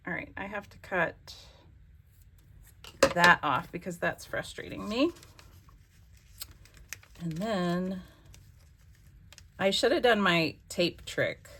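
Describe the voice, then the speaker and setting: A woman hosts a crafting vlog in a lowish, husky voice that sounds pushed and bright. She's chatty and exclamatory, talking to herself while she works.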